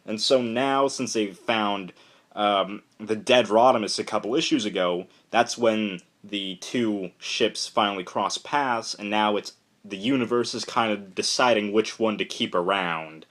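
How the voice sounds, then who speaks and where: A young man with a fairly low voice gives a casual, rambling spoken review of a comic. He retells the plot excitedly, packing his speech with fillers.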